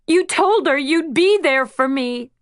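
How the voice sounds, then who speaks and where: A woman's voice: high-pitched, expressive, a little slow, no echo, studio quality, voice pushed up. A woman reading an audiobook, voicing a distraught teenage girl who pleads tearfully. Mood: pleading.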